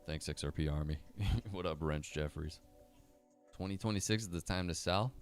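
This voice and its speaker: A man's voice: deep voice, normal speed, soft background music. A young man hosting a casual livestream, chatting in a laid-back, profane, slangy way and answering live chat comments. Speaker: livestream host.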